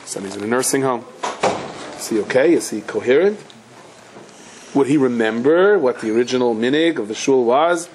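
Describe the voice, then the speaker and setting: A man teaching a Torah class as a rabbi, telling stories in a conversational way and scattering Hebrew and Yiddish terms through his English, his pitch climbing when he presses a point. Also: lively intonation, fairly quick, pauses often, darkish tone, slight background noise, rough recording. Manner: conversational storyteller, rises in pitch when driving a point home.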